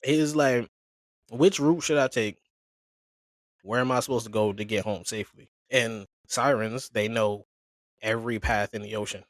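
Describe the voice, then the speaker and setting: This podcast co-host has a lowish voice and speaks at a normal speed. He tells a story in an easygoing, animated way, voicing the characters with slangy quotes, and the studio sound is clean with no echo.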